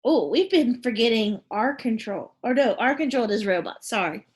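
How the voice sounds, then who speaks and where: A woman teacher leading a phonics and spelling lesson for young pupils, asking questions and encouraging them in a deliberate classroom manner. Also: on the high side, lively intonation.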